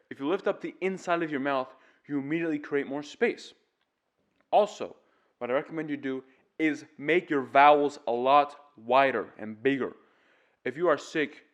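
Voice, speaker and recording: A man's voice: medium pitch, moderate pace. A man teaching singing, explaining vocal tips step by step in an earnest, demonstrative way. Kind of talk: casual vocal tutorial.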